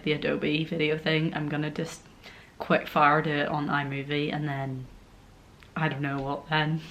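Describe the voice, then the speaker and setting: A woman in her twenties, a student chatting casually to camera in an excitable vlog. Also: low-pitched. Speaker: university student vlogger.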